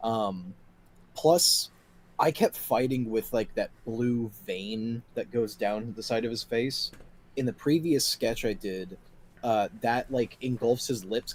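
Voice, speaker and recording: A man's voice: on the low side, slight background noise. A man co-hosting a stream in casual chat, hesitant and self-critical as he talks through his drawing. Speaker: co-host and artist.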